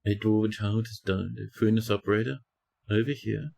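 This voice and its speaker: A man's voice: fairly low pitch, steady tone, brisk, creaky, a little mellow. A man giving chatty live-stream commentary as he plays a game, talking to his chat and scolding the characters on screen. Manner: chatty, talks to chat while playing.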